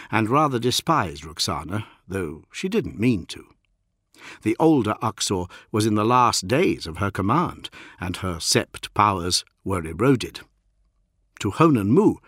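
A man reading a science fiction audiobook in a measured, dramatic way. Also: on the low side, a bit bright, dry recording, clean studio sound. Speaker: audiobook narrator. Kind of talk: scripted narration of science fiction.

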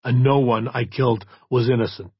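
A man voicing a hard, cold male vigilante who speaks quietly and flatly. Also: mid-range voice, normal speed, breathy edge, no echo, highs cut off, close to an everyday voice.

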